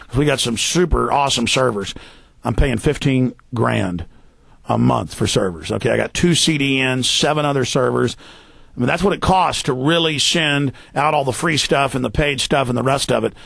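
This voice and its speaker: A man hosting a talk show, delivering rapid, forceful political commentary with heavy emphasis. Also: mid-range voice, vocal fry.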